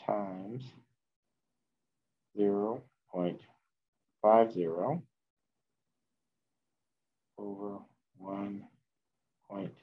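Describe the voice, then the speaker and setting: Slow, low-voiced man lecturing chemistry. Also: fairly even intonation, phone-quality sound. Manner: slow, thinking aloud while working math at the board, self-correcting. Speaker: chemistry instructor. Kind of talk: classroom lecture. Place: classroom.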